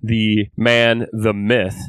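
A man's voice: fairly low pitch, flat delivery, very slow, a bit bright, clean tone, no echo, clean studio sound. A man hosting a podcast who tells a story in casual chat, rambling and frank, swearing and laughing often. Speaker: podcast host.

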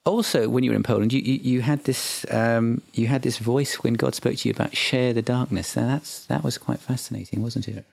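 A man hosting a podcast, interviewing a guest in halting, restarting questions. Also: mid-range voice, fairly even intonation, vocal fry, a little mellow, dry recording, studio quality. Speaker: podcast host.

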